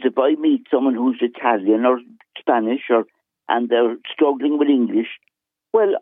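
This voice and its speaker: A man from Cork with a Cork Irish accent, calling into a radio phone-in and talking in a measured, earnest, deliberate way. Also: mid-range voice, no echo. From Cork, Ireland. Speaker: caller. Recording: tinny phone line.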